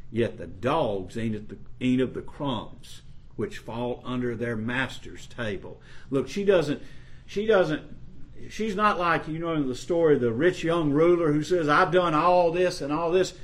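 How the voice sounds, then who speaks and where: A man's voice: a little high, expressive. A man preaching a sermon, reading scripture and explaining it in an earnest way that rises for emphasis. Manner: slow, earnest, rising to emphasis on scripture quotes.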